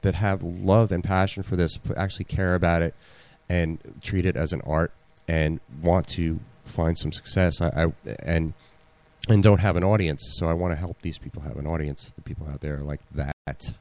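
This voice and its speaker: A man's voice: sits low, steady tone, moderate pace, darkish tone. A man hosting a casual podcast chat, rambling with many fillers and restarts. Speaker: podcast host.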